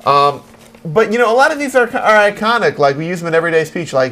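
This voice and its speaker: A man hosting a casual comedy talk show, animated and joking. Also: on the high side, fast talker. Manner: animated, reads out and imitates movie quotes. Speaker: host.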